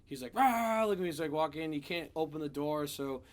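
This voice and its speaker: A man giving a casual spoiler review of a film, retelling scenes in an animated, profane way. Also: fairly high pitch, fairly quick.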